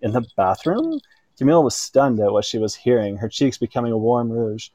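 Mellow male narrator reading an erotic story. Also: mid-range voice, steady tone, no room sound. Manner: unhurried reading with small slips and self-corrections.

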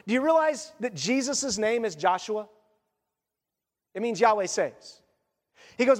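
Male pastor, conversational sermon delivery, animated asides, high-pitched, echoing sanctuary. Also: a little slow, long pauses.

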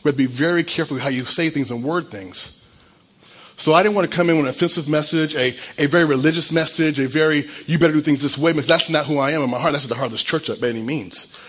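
A man's voice: fairly high pitch, fast, a bit bright, breathy edge. A man in his fifties, a church pastor, gives an earnest and emotional sermon, stumbling and restarting as he tells his own story.

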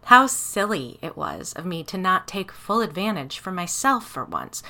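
A woman's voice: on the low side, big pitch swings, sharp tone, heavily acted. A woman voicing a possessed woman who turns cold, bitter and ominous. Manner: bitter, then slow doom-laden pronouncements.

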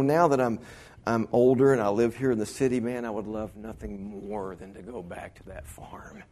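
A middle-aged pastor preaches with a folksy, storytelling manner, often slipping into other people's voices. His colors a mid-pitched voice that rises and falls as he tells his stories. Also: a little mellow. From Texas Panhandle. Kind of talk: sermon.

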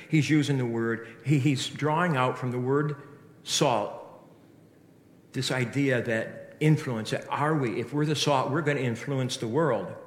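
A man preaching a sermon with earnest rhetorical questions and frequent restarts. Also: mid-range voice. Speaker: pastor. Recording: echoey hall reverb.

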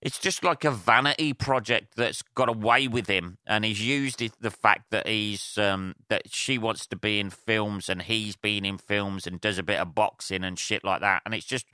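A man's voice: fairly low pitch, moderate pace, few pauses, bright, forceful tone, clear, resonant tone, no echo, clean studio sound. A man hosting a solo podcast, talking in a rambling, profane, casual rant with many fillers and restarts. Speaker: podcast host. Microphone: handheld portable recorder.

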